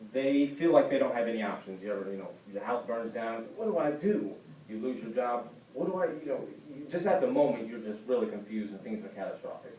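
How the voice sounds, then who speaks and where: A man giving an informal speech to his class, talking conversationally and acting out the people he quotes with sudden high-pitched voices. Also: warm tone, slight background noise. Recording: roomy classroom heard from a distant camera.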